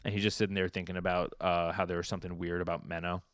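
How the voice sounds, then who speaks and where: A man co-hosting a podcast, casually recapping a comic chapter with fillers and lively retellings. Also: low-pitched, very fast, no echo, studio quality. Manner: animated storytelling with fillers and acted quotes. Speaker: podcast co-host.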